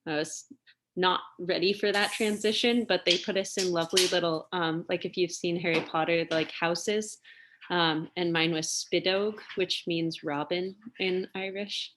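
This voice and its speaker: A young woman telling stories in a casual interview, chatty and quick to laugh, with plenty of fillers. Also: on the low side, fairly even intonation, noisy background. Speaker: interview guest, singer and lawyer.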